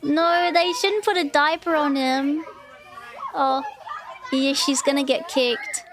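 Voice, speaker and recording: High-voiced Australian woman streamer. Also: fairly even intonation, takes it slowly, background noise. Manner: exclaiming reactions, frequent laughter. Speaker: VTuber streamer. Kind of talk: live-stream reaction commentary.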